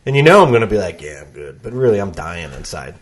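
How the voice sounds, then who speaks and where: A man's voice: fairly low pitch, very animated, fast talker. A man chatting as a podcast guest, joking at his own expense and laughing often. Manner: self-deprecating, storytelling, laughs often. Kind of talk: casual chat.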